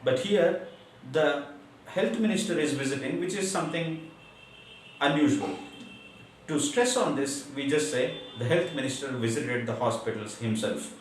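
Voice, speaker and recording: A man's voice: mid-range voice, animated. Man teaching grammar in a very echoey room. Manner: slow, deliberate explaining with repeated emphasis. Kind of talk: grammar lesson. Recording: very echoey room, mic far off, faint hiss.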